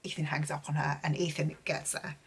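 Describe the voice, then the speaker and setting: Young female book vlogger, low-pitched and a little husky, chatty and gushing in a casual recap. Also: level tone, brisk, whispered. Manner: chatty and gushing, heavy on filler words.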